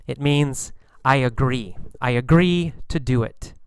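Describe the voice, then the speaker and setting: A man teaching English vocabulary, explaining slang slowly and patiently, repeating words and examples and acting out lines with sudden bursts of energy. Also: mid-range voice, clear, resonant tone, no room sound. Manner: acts out lines and engine sounds with bursts of volume.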